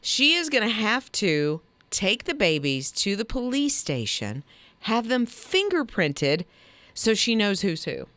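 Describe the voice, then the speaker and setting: A woman co-hosts a morning radio show and tells stories with plenty of animation, even making her own sound effects. Her pitch rises and falls freely. She is recorded dry and close on a studio mic. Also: measured pace, no echo. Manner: animated storyteller who makes sound effects. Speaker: radio co-host.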